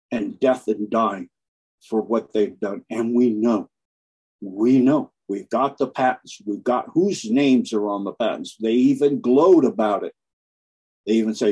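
A man's voice: on the low side, measured pace, darkish tone, husky, poor audio. A man speaking as a guest in an impassioned, preachy monologue, pressing his points with emphasis. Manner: preachy, emphatic, keeps acting out quoted people. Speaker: guest on online channels.

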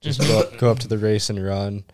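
A man's voice: fairly low pitch, fairly quick, noisy background. A teenage boy, a student runner, giving laid-back answers on a podcast with many ums. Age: teens. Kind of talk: casual interview answers.

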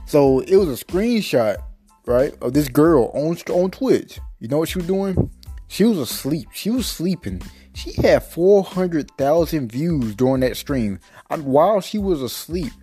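A man's voice: mid-range voice, mellow, husky. A man hosting a podcast, ranting in a casual, slangy way and often repeating himself for emphasis. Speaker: podcast host. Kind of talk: casual rant.

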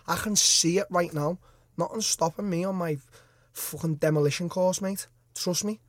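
A man's voice: high-pitched, moderate pace, no room sound. A young man, a fighter talking as a studio guest on a podcast in a brash, cocky way and swearing freely. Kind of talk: casual podcast chat. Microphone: studio mic.

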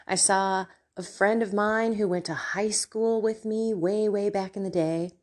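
A middle-aged woman with a mid-range, a little mellow voice hosts a podcast. She shares a personal, confessional reflection, sounding emotional and laughing along the way.

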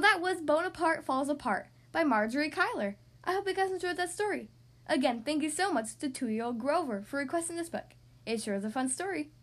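High lively woman reading a kids book, bouncy voice. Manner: bright animated read-aloud. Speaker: podcast host reading to kids. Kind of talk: children's storybook reading.

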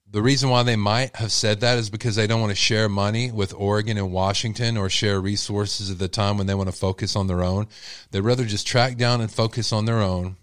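Blunt low-voiced Texan man. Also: a bit bright, dry recording, clean studio sound. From Texas. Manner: blunt, heated, rambling. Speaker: true-crime channel host. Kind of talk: casual commentary to viewers.

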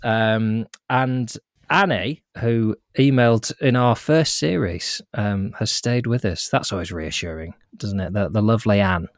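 A man's voice: lowish voice, a little slow, no echo, studio quality. A man co-hosting a podcast, casually reading out listener messages with playful, self-mocking asides. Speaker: podcast co-host.

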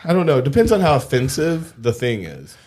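A man's voice: mid-range voice, huge pitch swings, a little fast, darkish tone, breathy edge. A man co-hosting a comedy podcast in casual chat, meandering and trailing off, with crowd noise behind. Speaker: podcast co-host.

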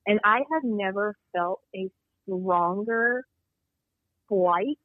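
A woman guest tells her eerie personal Bigfoot story on a call-in interview, rambling animatedly and acting out others' words. She speaks slowly at a medium pitch, and the tinny, dry phone line has no room sound.

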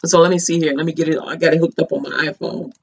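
A woman's voice: low-pitched, flat delivery, quick pace, vocal fry, husky. A woman commenting casually on a video, talking in an emphatic, repetitive, conversational way.

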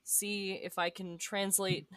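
A woman playing a tabletop role-playing game, hesitant and halting with lots of fillers. Her voice is bright and the sound is dry and close. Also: mid-range voice, flat delivery, no echo. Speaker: player.

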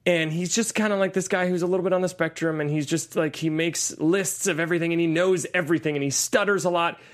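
A man co-hosting a podcast, chatting enthusiastically and rambling through a movie review with quick asides. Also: a little high, steady tone. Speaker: podcast co-host. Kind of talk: casual movie-review chat.

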